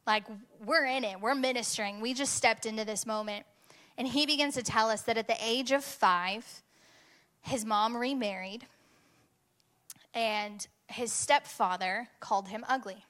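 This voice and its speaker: Preaching at an ordinary pace, a young woman with a slightly high voice recounts her own experience with animation. Every so often she surges into moments of real intensity.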